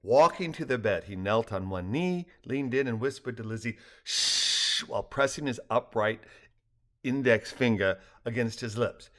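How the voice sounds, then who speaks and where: An older man reading his own story aloud with lively, expressive narration. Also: mid-range voice, normal speed.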